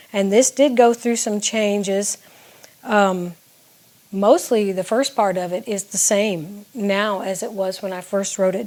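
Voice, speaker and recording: A woman's voice: medium pitch, a little mellow. Earnest woman songwriter explaining her work. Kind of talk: casual talk to camera.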